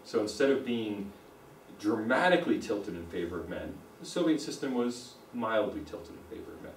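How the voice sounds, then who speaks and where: A man's voice: on the low side, sing-song, normal speed, distant mic, a little hiss or hum. A man with a plain American accent gives a university lecture, explaining his points and repeating them for emphasis. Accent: General American. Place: lecture room. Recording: roomy echo, speaker away from the mic.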